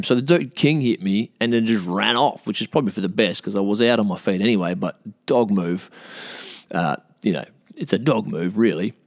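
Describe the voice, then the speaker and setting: Animated man telling a story. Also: brisk, dry recording, studio quality. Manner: animated, swears, acts out quoted voices higher. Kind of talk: casual storytelling.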